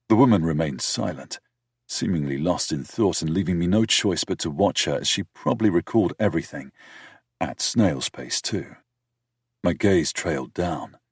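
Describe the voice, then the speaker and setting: Deep husky male audiobook narrator. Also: no echo. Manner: dry, measured storytelling with wry asides. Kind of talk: first-person romance audiobook narration.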